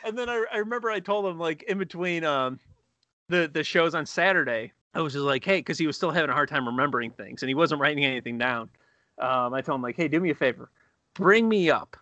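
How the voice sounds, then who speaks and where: A man co-hosting a casual chat podcast, a comedian telling anecdotes with animated asides. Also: on the high side, fast talker, no echo, dull audio. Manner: storytelling, animated impressions in anecdotes.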